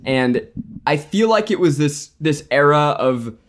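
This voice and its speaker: A man's voice: on the high side, animated, a little slow. A man co-hosting a podcast, giving opinions and steering the discussion. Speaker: podcast co-host. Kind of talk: casual chat.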